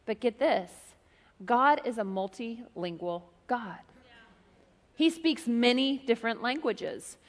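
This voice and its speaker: A middle-aged woman preaching a sermon, an animated and joking storyteller who speaks straight to her congregation. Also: a little high, slow pace. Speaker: pastor. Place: church hall. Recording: reverberant hall.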